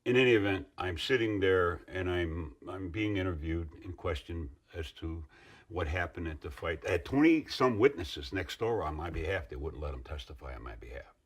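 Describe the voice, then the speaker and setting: A middle-aged former union member recounts his side of a story to an interviewer in a very deep, husky, slightly rough voice. Expressive and at normal speed, he rambles earnestly, wandering into asides and restarting his thoughts.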